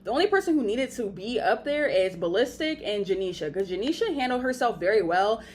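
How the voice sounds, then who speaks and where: A young woman giving a blunt, profane, animated recap of a reality show reunion. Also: mid-range voice, fairly quick, a little hiss or hum. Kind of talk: casual recap commentary.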